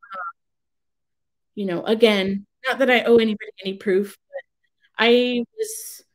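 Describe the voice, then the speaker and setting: A woman's voice: a little high, a little slow, poor audio. A woman crafter on her own channel, talking casually in a rambling, exasperated, self-interrupting way from home. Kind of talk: casual vlog rant.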